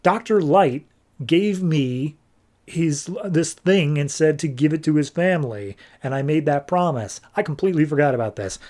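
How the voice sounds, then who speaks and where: A man's voice: a little high, expressive, moderate pace, a little mellow, natural voice. A man voicing a grieving, indignant male mystic in a casual comic-book recap, talking emphatically. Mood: disbelieving.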